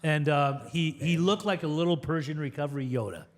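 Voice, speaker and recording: A middle-aged man from Southern California tells his story candidly, swearing freely and laughing often. His voice sits a little higher than most men's. The room rings with a long reverb. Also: brisk. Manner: profane, animated, laughs often. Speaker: podcast guest, addiction interventionist.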